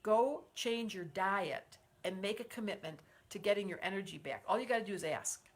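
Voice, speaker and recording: On a livestream mic, a sixtysomething female astrologer speaks in a mid-range voice at an ordinary speed. She gushes encouragement, reads out comments from viewers, and guides everyone through breathing together.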